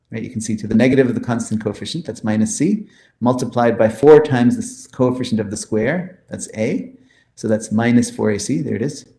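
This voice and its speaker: Mellow-voiced man lecturing in an echoey room. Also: medium pitch, creaky, a little hiss or hum. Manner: explains step by step, checks in with "right?". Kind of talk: recorded maths lecture.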